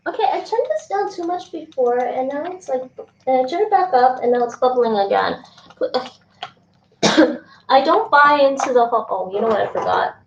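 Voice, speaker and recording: A woman's voice: high-pitched, animated, moderate pace, vocal fry, recorded from a distance. A young woman chatting casually while cooking on a live stream, thinking aloud and laughing often. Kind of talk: casual cooking chat with chat readers. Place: home kitchen. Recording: roomy, dull stream mic with fan noise.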